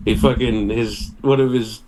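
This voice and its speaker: A man's voice: mid-range voice, steady tone, darkish tone, slight background noise, rough recording. A man co-hosting a casual sports podcast over a video call, loose and swearing freely. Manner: loose and profane, drawn-out storytelling. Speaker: podcast co-host.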